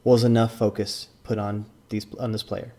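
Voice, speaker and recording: A man who once judged card tournaments talks through his views in a loose, rambling way, filled with ums and restarts. His voice sits low, with a gravelly fry running through it. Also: little pitch movement, normal speed, darkish tone. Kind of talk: casual commentary.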